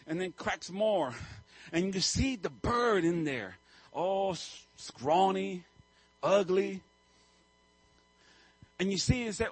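A male pastor delivers a sermon as a vivid story. His husky voice sits in a dry, close recording. He swings between hushed lines and sudden loud bursts. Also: sits high, slow, pauses often, no room sound, rough recording.

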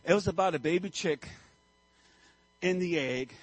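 A male pastor preaching a sermon, telling a story with animated swings and sudden loud outbursts. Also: high-pitched, moderate pace, slightly rough, dry recording, poor audio.

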